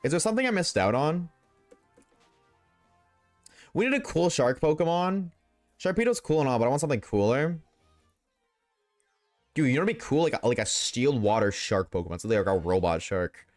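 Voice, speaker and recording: A man's voice: mid-range voice, animated, moderate pace, long pauses, no echo, faint music behind. Profane joking young male streamer. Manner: profane, joking, talks back to chat. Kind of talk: casual gaming livestream chat.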